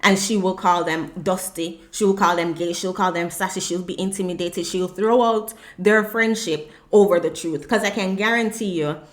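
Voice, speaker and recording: A woman's voice: fairly low pitch, fairly even intonation, normal speed, hardly any pauses. A woman hosting a reaction video, giving blunt, emphatic critical commentary.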